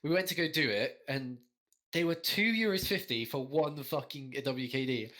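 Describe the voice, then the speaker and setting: In a pushed, bright voice of medium pitch at a moderate pace, a young man co-hosts a podcast. He tells rambling stories packed with swearing and frequent laughs.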